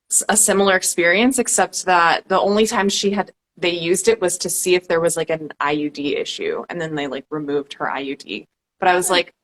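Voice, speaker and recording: Easygoing woman with a lowish voice. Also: poor audio. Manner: relaxed, easygoing, back-channels a lot. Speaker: podcast host. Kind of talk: casual chat. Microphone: video call.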